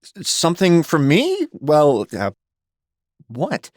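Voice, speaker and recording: A woman's voice: a bass voice, very animated, takes it slowly, no echo, clean studio sound, voice pushed down, full character voice. A woman narrator voicing a nervous, stammering husband in an audiobook. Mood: flustered. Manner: stammering, hesitant.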